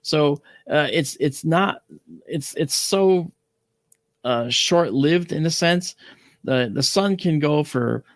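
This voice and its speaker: A man with a gravelly edge to his voice talks through a science topic at an easygoing pace. He keeps checking in with his listeners and reaches for everyday analogies. The sound is close and dry. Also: on the high side, slow, dry recording. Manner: explains with analogies, frequent "all right?" check-ins. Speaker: astronomy show host. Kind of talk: casual educational talk.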